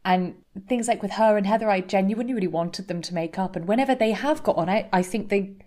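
A woman's voice: mid-range voice, fast, mellow. Chatty woman, reflective podcast co-host. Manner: chatty, reflective, laughs often. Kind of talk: casual chat.

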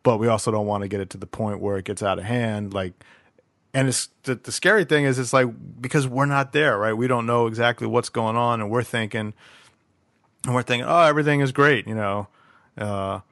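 Low-voiced man thinking aloud. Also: steady tone, a little fast, a bit bright, no room sound, clean studio sound. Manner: reflective, thinks aloud with many restarts. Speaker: podcast co-host, parent. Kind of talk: casual chat.

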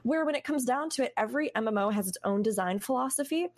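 A woman's voice: a little high, lively intonation, fast, dry recording. A woman guest on a gaming podcast, talking casually and giving thoughtful advice with many "like"s and "right"s. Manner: thoughtful, advising, often says "like" and "right".

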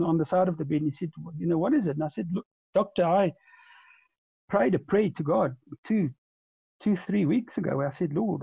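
Gravelly, husky man telling a story. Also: high voice, dry recording, lo-fi sound. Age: 40s. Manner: rambling, with many repeated words and restarts. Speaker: interview guest. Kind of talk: conversational storytelling.

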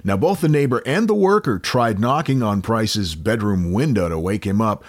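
A man's voice: on the low side, animated, normal speed. An American man hosting a podcast, casually telling a true crime story with wry, offhand jokes.

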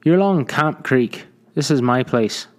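A man's voice: medium pitch, animated, a little slow, pitched above the performer's own voice, close to an everyday voice. A man voicing a jovial, mustached frontier trader with a hearty, folksy way of talking. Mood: friendly. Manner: hearty, folksy drawl, chuckling. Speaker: trading post owner.

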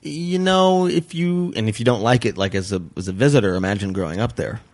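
A man's voice: medium pitch, a little fast. A man from Las Vegas, a comedian guest, chatting casually and explaining things at length, often correcting himself mid-sentence. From Las Vegas, USA. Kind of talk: casual chat.

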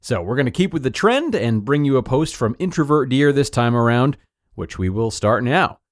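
A man's voice: medium pitch, expressive, moderate pace, no room sound. Man narrating an article, dry sound. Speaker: podcast host and narrator. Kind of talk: reading an article aloud.

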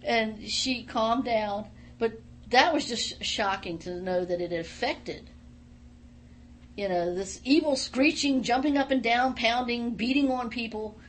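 A woman's voice: a little high, measured pace, slight background noise. A middle-aged woman, a former wrestler and studio guest, tells stories emphatically in a casual radio interview. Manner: animated, emphatic storyteller.

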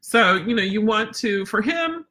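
A woman's voice: mid-range voice, expressive, unhurried, pushed and bright. A woman dog trainer teaching a casual live webinar, chatty and rambling with lots of fillers.

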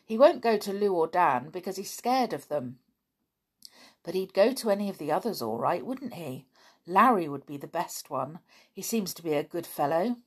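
A woman voicing an eager schoolboy with a bright idea in a storybook reading. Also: fairly low pitch, animated, normal speed, slightly rough. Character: earnest schoolboy, eager and brave.

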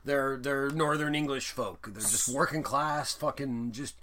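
A man's voice: mid-range voice, steady tone, a little slow, few pauses, sharp tone. A man co-hosting a podcast, joking sarcastically and swearing freely while discussing films. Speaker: podcast co-host. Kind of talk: casual film-discussion chat.

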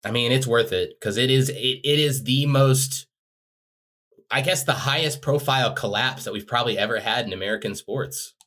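A man's voice: mid-range voice, normal speed, fairly bright tone. A man co-hosting a podcast, chatting casually with frequent swearing and wry jokes. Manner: profane, wry. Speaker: podcast co-host. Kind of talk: casual chat.

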